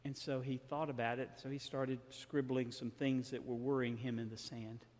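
Southern man, pastor in the pulpit, storytelling sermon with voiced dialogue, mid pitch, long church reverb. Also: level tone, normal speed, darkish tone. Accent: Southern American. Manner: storytelling, acts out dialogue with shifting tone. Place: large church sanctuary.

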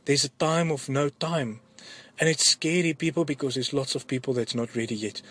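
A man giving an urgent, earnest testimony to his church, halting and often repeating his words. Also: medium pitch, fairly even intonation, a bit bright. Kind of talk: urgent spoken testimony to a congregation.

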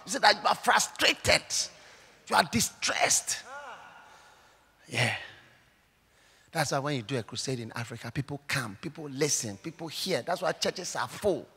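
Ghanaian pastor preaching, high bright voice, swings from hush to shouting. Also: male voice, big pitch swings, unhurried, long pauses. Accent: Ghanaian English. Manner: dramatic, swinging between hushed and shouted. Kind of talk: sermon. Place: church service hall.

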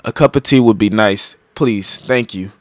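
A man's voice: lowish voice, normal speed, soft background music. A young man giving casual, joking gameplay commentary, profane and improvising lines. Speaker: gaming streamer.

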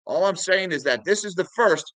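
A man's voice: high voice, animated, normal speed, fairly bright tone, dry recording, rough recording. A man hosting a finance video, casually talking viewers through charts and news articles and calling them guys. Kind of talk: casual market commentary.

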